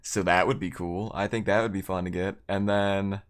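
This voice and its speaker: A man in casual live-stream chat, talking to his viewers as he plays. He rambles and makes fun of himself, in a voice that sits a little low. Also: fairly even intonation, normal speed. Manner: rambling, self-deprecating, chatty with viewers.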